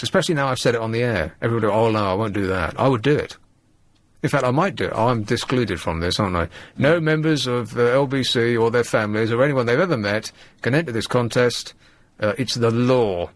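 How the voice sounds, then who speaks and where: A man hosting a late-night radio show, chatting and joking as he rambles through the stories. His pitch moves around a lot, lively and animated. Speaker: radio host. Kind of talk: casual radio chat.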